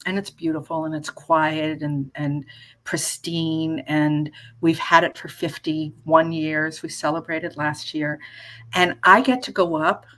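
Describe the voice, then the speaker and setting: A woman's voice: low voice, flat delivery, slow, fairly bright tone. A woman in her fifties, a life coach on as a guest, chatting casually and playfully, often restarting her sentences and acting out little scenes. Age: 50s. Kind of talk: casual interview chat.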